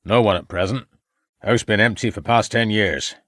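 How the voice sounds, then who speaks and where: A man's voice: fairly low pitch, moderate pace, fairly bright tone, no room sound, studio quality, close to an everyday voice. A man voicing a terse elderly farmer, in an audiobook. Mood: curt. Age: older. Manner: terse, blunt, dropped words. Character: gruff elderly male rural farmer.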